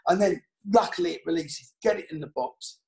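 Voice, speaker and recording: A man, a former footballer, telling an anecdote casually, animated and swearing freely. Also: sits high, brisk, gravelly.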